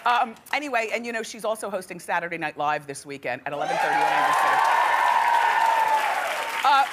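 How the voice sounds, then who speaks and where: A woman's voice: lowish voice, expressive, fairly quick, a loud crowd. A middle-aged woman hosting a daytime talk show, chatting and gossiping with frequent laughs, a bit out of breath. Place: television studio with live audience. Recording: loud studio audience and noise.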